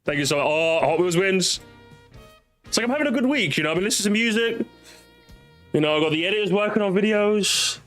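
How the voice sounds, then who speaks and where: A young man chatting casually while streaming a racing game with viewers, excitable and swearing, repeating himself in bursts. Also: high-pitched, quick pace. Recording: game music behind.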